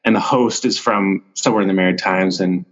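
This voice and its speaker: Low-voiced man in casual podcast chat. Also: fairly quick, highs cut off. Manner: relaxed, rambling, with frequent restarts and fillers. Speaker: actor, podcast guest. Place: Vancouver.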